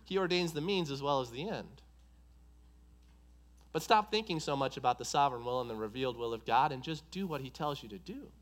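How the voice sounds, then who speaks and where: A man's voice: mid-range voice, animated, brisk. A man preaching a sermon, driving points home with an emphatic, repetitive cadence.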